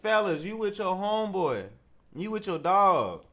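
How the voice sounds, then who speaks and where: A man hosting a comedic commentary show, mocking and laughing often, in a slang-heavy voice that jumps around in pitch. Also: lively intonation, moderate pace, fairly bright tone.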